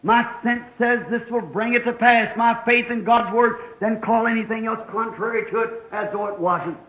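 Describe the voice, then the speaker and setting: Fervent high-voiced preacher, old lo-fi tape. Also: male voice, fairly even intonation, moderate pace. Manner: fervent, rising to shouts in stories. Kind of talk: sermon.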